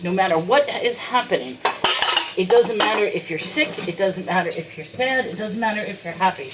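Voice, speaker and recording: A woman's voice: medium pitch, expressive, fairly quick, noisy background. A woman venting in a personal vlog, holding back tears as she talks about her struggles, recorded in her kitchen while washing dishes. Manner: tearful, fighting back crying. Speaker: vlogger. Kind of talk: emotional personal vlog rant.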